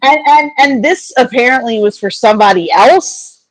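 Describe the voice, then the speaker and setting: A woman's voice: fairly high pitch, lively intonation, normal speed, no echo, low-quality recording. A woman hosting a casual livestream chat, telling rambling anecdotes full of fillers and restarts. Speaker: host.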